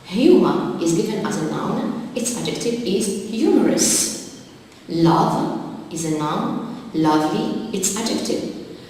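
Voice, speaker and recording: A woman teacher works through vocabulary at an unhurried, methodical pace. Her voice sits a little low and rings with a long echo, as if recorded from a distance in a large room. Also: darkish tone, slight background noise. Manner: slow, methodical, dictating word lists. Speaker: English teacher. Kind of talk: exam-prep lesson. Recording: echoey hall, distant mic.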